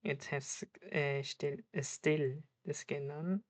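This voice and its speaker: Low-voiced woman, slow halting reaction. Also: steady tone, no echo. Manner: halting, searching for words, with restarts. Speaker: streamer reacting to a video. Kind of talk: casual reaction commentary.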